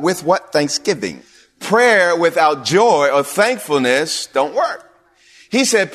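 A male pastor preaching a sermon in a church hall, animated, with sudden drops to a near-whisper. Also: a little high. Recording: long hall reverb.

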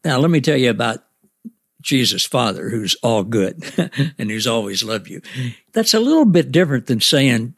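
A man hosting a podcast, telling stories in a lively way and acting out what other people said. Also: medium pitch, moderate pace, creaky, breathy edge, no echo, clean studio sound. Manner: lively storyteller, laughs often, acts out quotes. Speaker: podcast host. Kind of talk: casual conversation about faith.

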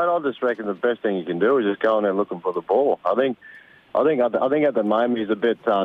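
A man's voice: lowish voice, dry recording. Laid-back Australian man on a phone line. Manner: laid-back, chatty, laughs easily. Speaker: retired rugby league player, guest. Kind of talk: casual radio chat on the phone.

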